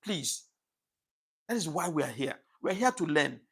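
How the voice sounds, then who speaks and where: A man's voice: fairly high pitch, very animated, moderate pace, fairly bright tone, slightly rough. A man hosting a live stream, chatting casually and reading out viewer comments, often apologizing and thanking his viewers, an emotional speaker. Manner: emotional, says things get to him easily. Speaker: livestream host.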